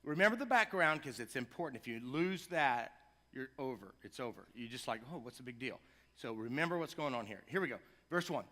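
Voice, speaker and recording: A man's voice: medium pitch, animated, brisk, sharp tone. A middle-aged man preaching a sermon in a church, talking to the congregation in a chatty, joking way and building to passionate cries. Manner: conversational, jokey asides, rising to impassioned cries. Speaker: pastor. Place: church sanctuary.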